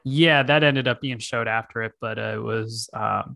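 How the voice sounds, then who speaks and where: A man hosting a podcast, chatting in an easygoing, measured way. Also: mid-range voice, vocal fry, pushed and bright, dry recording, clean studio sound. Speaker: podcast host. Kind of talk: casual chat.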